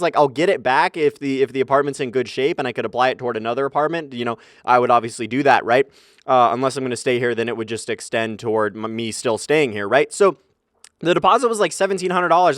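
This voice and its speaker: Young man, 19, gaming commentary vlogger, fast and energetic, swearing, clear voice, dead dry sound. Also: mid-range voice, no room sound. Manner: energetic, swears a lot, keeps saying "man". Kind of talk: casual commentary over gameplay. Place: small bedroom in his apartment, under a comforter. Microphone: desk mic, comforter draped over it to cut echo.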